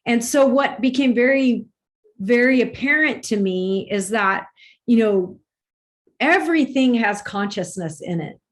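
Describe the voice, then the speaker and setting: Woman w a higher voice, earnest, rambles a bit, restarts a lot, spiritual chat guest. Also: expressive, unhurried. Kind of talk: spiritual conversation.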